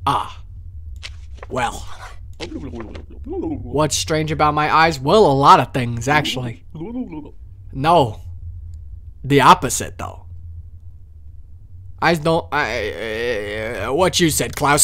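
A man's voice: medium pitch, expressive, slow pace, long pauses, a little hiss or hum. Joking man streaming a game. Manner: joking, swearing, swings from loud outbursts to mumbling; talks to in-game characters and chat. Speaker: let's play streamer. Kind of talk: live gameplay commentary.

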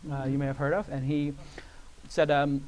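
A man in his forties on a conference stage, telling an animated story and acting out other people's voices. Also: mid-range voice, moderate pace. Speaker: guest entrepreneur. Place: conference stage before an audience.

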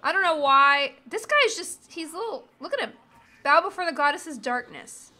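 A woman in her thirties chats loosely while streaming a game, her high, bright voice bouncing between commentary and silly sung bits. She is playful and goofy, humming and singing nonsense as she plays. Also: expressive, normal speed. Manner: goofy, sings and hums while playing. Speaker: streamer playing a video game. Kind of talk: casual gaming chat.

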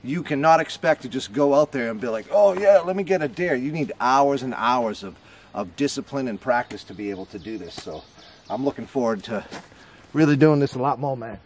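A young man with a Boston accent talks straight to his viewers in a chatty, joking outdoor vlog, calling them folks. His pitch sits in an ordinary middle range. Faint outdoor noise hums behind him at the campsite. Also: brisk. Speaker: outdoor vlogger. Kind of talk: casual vlog to camera. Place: outdoors at a campground and archery range.

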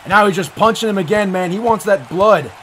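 A man giving excited, profane play-by-play commentary on a wrestling match, often breaking into yells. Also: high voice, a little fast, some chatter behind, a little hiss or hum.

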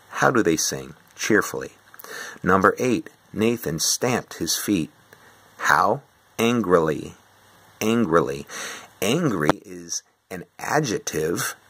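Middle-aged teacher, deep voice, bright and a little husky, walking a class through answers. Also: male voice. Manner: slow and patient, explaining step by step. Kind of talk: classroom quiz review.

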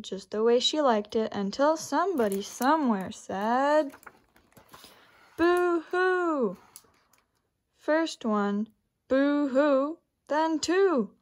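A woman librarian reading a picture book aloud for children and then walking through a simple craft, in a gentle, unhurried story-time delivery. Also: a little high.

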